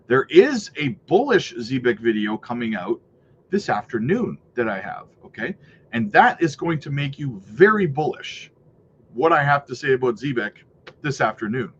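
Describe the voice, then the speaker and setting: In a sing-song, mid-range voice with a bit of brightness, a man at a moderate pace reads viewer comments aloud on his casual crypto livestream. He's upbeat and hyped, saying "you know" and "right" constantly. The recording is slightly muffled, with faint noise.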